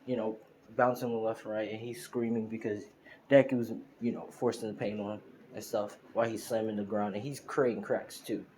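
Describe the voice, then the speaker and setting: A man's voice: on the low side, little pitch movement, moderate pace, darkish tone, a little hiss or hum. A man improvising a fan story as narrator, rambling with lots of fillers.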